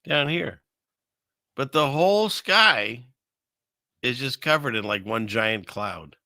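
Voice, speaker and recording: A man's voice: mid-range voice, lively intonation, takes it slowly, pushed and bright, dry recording. A man hosting a casual livestream, rambling conversationally and reading Bible verses aloud. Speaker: live stream host. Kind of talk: casual livestream commentary on scripture and conspiracies.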